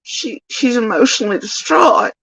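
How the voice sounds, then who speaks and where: A woman hosting reaction commentary, talking in a scornful, mocking way with sudden high-pitched jabs. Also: animated, normal speed, creaky, fairly bright tone, breathy edge, dry recording, rough recording. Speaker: commentary host.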